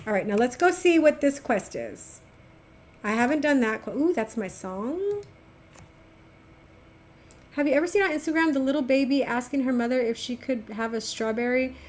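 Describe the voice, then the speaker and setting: A middle-aged woman streams a game and chats casually with her viewers, animated and affectionate toward chat. Her voice sits high, moving at a moderate pace with frequent pauses.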